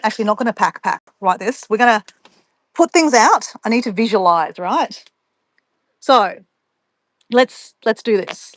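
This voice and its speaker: A travel vlogger packs while chatting casually and playfully with livestream viewers, reading their comments. She laughs often and talks to herself along the way; her mid-range voice has no room sound.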